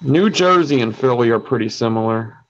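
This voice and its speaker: A man's voice: medium pitch, lively intonation, fairly quick. Young Philadelphia man, casual talker, middle voice, muffled recording. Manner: easygoing, chatty recommending. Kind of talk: casual chat. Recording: dull lo-fi recording.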